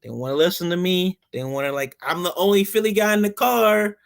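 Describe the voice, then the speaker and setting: A man's voice: high-pitched, fairly quick, vocal fry, no echo. A man from Philadelphia with a Philly accent tinged with Southern, telling stories with lots of swearing on a casual podcast. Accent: Philadelphia with some Southern. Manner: animated storytelling, swears freely. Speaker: podcast host. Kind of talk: casual chat.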